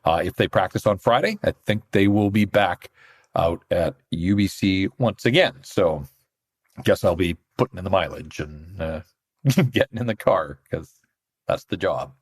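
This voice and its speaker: This hockey podcast co-host has a low, expressive voice with a breathy edge and a moderate pace. A reporter by trade, he swaps stories in easygoing chat and breaks into laughter often.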